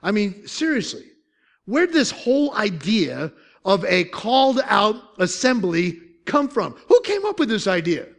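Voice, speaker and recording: Animated high-voiced male preacher. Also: measured pace, gravelly. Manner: conversational, joking asides, asks the congregation questions. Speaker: pastor. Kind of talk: sermon.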